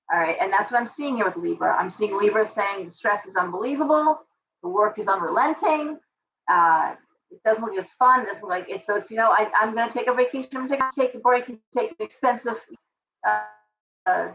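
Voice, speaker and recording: A middle-aged woman hosting a casual livestream tarot reading, chatty and ranting with animated asides. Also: fairly high pitch, far from the mic, lo-fi sound, a little hiss or hum. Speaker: tarot reader and live stream host.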